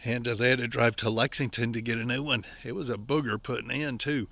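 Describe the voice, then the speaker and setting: A man's voice: medium pitch, steady tone, quick pace, creaky, fairly bright tone, dry recording. An older man with an Appalachian accent chatting folksily to viewers while working outdoors, out of breath. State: out of breath from physical work. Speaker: vlogger, campground owner. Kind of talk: casual walk-and-talk vlog. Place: outdoors at a wooded campground.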